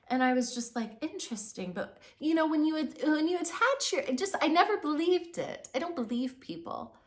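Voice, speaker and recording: Young woman, high voice, effusive spiritual teacher, soft murmurs to loud bursts, rambling. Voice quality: swings between soft near-whispers and bright emphatic bursts. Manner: earnest, effusive, rambling with restarts. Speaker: poetry and manifestation teacher. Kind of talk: spiritual motivational talk.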